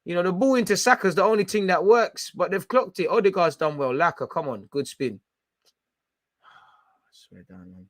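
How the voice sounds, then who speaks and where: A young man streaming a football watchalong, shouting at players and slipping into slang as he grows frustrated. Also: sits high, a little fast, few pauses, dry recording, clean studio sound. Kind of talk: live match reaction commentary.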